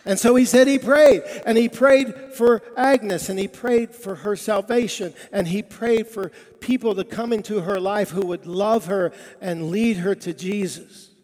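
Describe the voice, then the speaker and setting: A man's voice: high voice, a little slow, few pauses. A male preacher telling a story in a sermon, acting out each character's lines in a church sanctuary. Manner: animated storyteller quoting characters. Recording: long reverb of a large hall.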